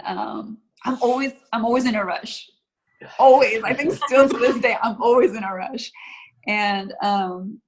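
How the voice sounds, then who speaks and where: A woman from Texas, a guest on a faith talk show, telling a personal story in a lively conversational way. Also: medium pitch, rough recording. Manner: animated storytelling, acts out quotes. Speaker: guest, mother. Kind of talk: casual conversation.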